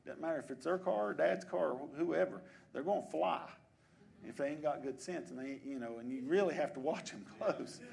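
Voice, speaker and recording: High-voiced preacher. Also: male voice, brisk, creaky. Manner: swings from quiet conversational asides to loud exhortations. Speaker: pastor. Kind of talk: sermon. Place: church. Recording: congregation answering in the background. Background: congregation responding.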